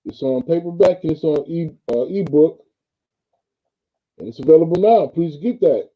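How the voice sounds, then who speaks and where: A man's voice: fairly high pitch, animated, moderate pace. Easygoing man, dull lo-fi sound. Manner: easygoing, says "man" and "bro" often. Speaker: football coach and author. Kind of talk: casual sports talk.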